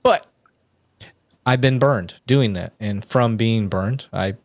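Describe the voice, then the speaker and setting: A man's voice: lowish voice, takes it slowly, no room sound, clean studio sound. A man hosting a live show, a police officer talking casually, with frequent ums and restarts. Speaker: podcast host, police officer. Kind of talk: casual livestream commentary.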